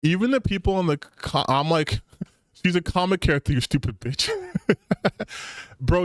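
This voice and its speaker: A man's voice: medium pitch, no room sound, studio quality. A young man, streaming and mocking online posts in profane, casual commentary.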